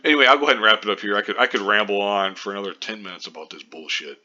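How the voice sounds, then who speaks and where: A man rants in a commentary vlog, his voice bright and forceful, swearing often and wandering off into asides. The recording sounds muffled and lo-fi. He stays irritated and talks straight at his viewers. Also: lowish voice, rapid-fire. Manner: exasperated, profane, rambling. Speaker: video commentator.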